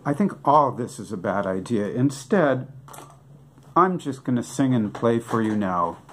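A man's voice: mid-range voice, lively intonation, measured pace, slight background noise. An older man doing a joking comic monologue, asking rhetorical questions and answering them himself in a wry way. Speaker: comic songwriter.

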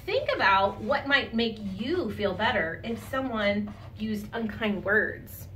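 A woman teacher giving a lesson to young children, patient and encouraging, guiding them calmly. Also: medium pitch, slow pace, a little hiss or hum. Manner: calm, soothing guidance.

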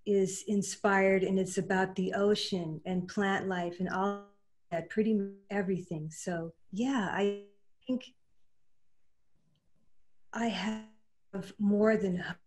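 A woman quilt artist talking in a panel discussion over a video call, earnest and halting, getting emotional as she speaks. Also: medium pitch, steady tone, a little mellow.

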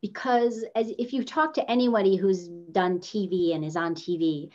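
A woman coaching a workshop on video presence, talking casually and changing her pitch up and down to demonstrate intonation. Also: steady tone, normal speed, darkish tone, lo-fi sound. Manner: casual, with fillers. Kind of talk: teaching workshop.

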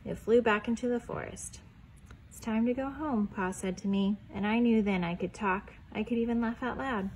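A young woman reading a picture book aloud to preschoolers in a gentle storytelling voice, stopping to ask the children questions and dropping to a whisper on the quiet lines. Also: on the high side, moderate pace, a little hiss or hum, low-quality recording.

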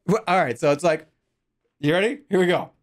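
A man's voice: on the high side, fairly quick. A man chatting on his livestream, joking and acting mock-outraged, laughing often. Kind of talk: casual livestream chat.

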